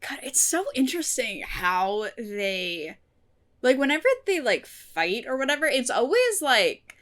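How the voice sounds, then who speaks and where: Bright-voiced young woman, animated and swearing. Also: fairly high pitch, measured pace. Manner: expressive and animated, often swearing. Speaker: TV episode reviewer. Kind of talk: casual reaction vlog.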